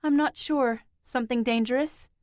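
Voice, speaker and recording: A woman's voice: high voice, moderate pace, darkish tone, no room sound, clean studio sound, natural voice. A woman voicing a hardened teenage girl surviving in a wasteland, blunt and questioning. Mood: uneasy.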